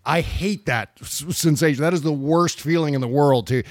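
A man's voice: a little high, moderate pace, dry recording. Dry-voiced man in casual political chat. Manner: animated, mocking quoted voices. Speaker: podcast co-host.

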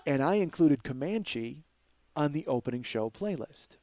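A man hosting a podcast, telling a long story in a casual, animated way, swearing and acting out what people said. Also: a little high, normal speed. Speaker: podcast host.

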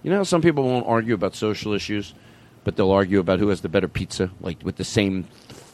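A man hosting a comedy podcast, rambling and animated in loose banter, a studio mic with a light music bed. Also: fairly low pitch, quick pace. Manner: rambling, animated, breaks into loud announcer hype. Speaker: podcast host. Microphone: studio microphone.

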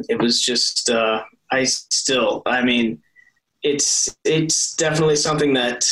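A man's voice: medium pitch, a bit bright, a little hiss or hum, low-quality recording. A young man guesting in an interview, talking earnestly and rambling through many restarts and fillers. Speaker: actor guest. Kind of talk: casual interview chat.

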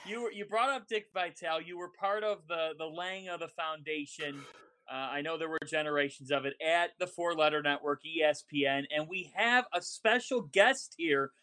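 A man's voice: fairly high pitch, moderate pace, bright, forceful tone, clean tone, no room sound. Upbeat male co-host in a dry room. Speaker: podcast co-host. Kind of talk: casual chat.

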